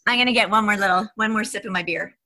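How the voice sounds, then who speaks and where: A woman's voice: mid-range voice, fast talker, sharp tone. A young woman hosting a podcast, chatting about a book in a candid, giggly way and reading passages aloud. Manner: giggly, candid, breezy asides. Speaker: podcast host.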